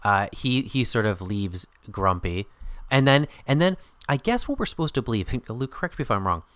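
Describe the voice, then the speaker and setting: A man in a casual podcast conversation, cracking sarcastic jokes about a show. His lowish voice swings widely in pitch and is recorded dry and close. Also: moderate pace, no room sound. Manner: lively, jokey, sarcastic asides. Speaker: podcast co-host.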